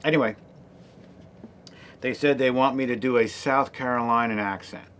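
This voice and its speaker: A man's voice: mid-range voice, steady tone, normal speed, a bit bright. A man in his sixties casually telling the story of his late start as an actor, rambling with many fillers and restarts.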